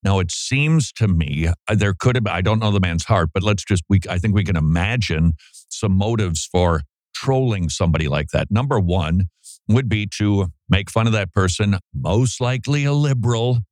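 A man hosting a talk show, speaking in a lively, animated way and slipping into voices when he quotes. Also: lowish voice, moderate pace, dry recording, studio quality. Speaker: podcast host. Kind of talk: casual commentary.

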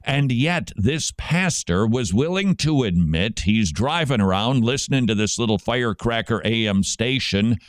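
A man from Minnesota hosting a Christian talk radio show, animated and jokey, his voice jumping high when he teases. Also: normal speed, few pauses, no room sound. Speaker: radio host.

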